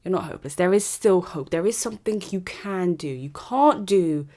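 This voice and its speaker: A woman's voice: lowish voice, lively intonation, normal speed, warm tone. A woman, hosting a podcast and delivering an opinionated monologue in a sarcastic, ranting, emphatic way. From Britain. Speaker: podcast host.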